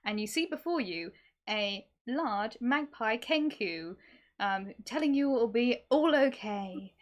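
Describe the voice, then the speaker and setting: Woman GM, bit high-pitched, loose and chatty, hesitant narration. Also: animated, slow. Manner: rambling, many ums, chatty. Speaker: game master. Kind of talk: narrating a tabletop game on a live stream.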